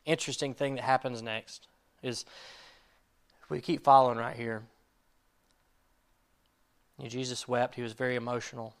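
A male pastor preaches informally with fillers, reading scripture and acting out what its figures might say. He speaks at a moderate pace in a medium-pitched, flat voice, leaving long pauses.

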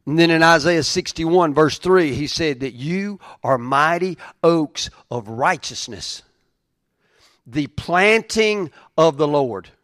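A man preaching a sermon, moving from quiet reflective reading to raised, emphatic preaching. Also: on the high side, animated, takes it slowly, no room sound. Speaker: pastor.

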